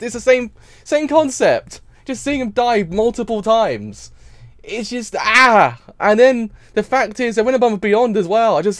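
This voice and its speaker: A man with a high-pitched voice, recorded without echo, reacts to an anime episode on a casual stream. He cries as he rambles and repeats himself in emotional, offhand talk.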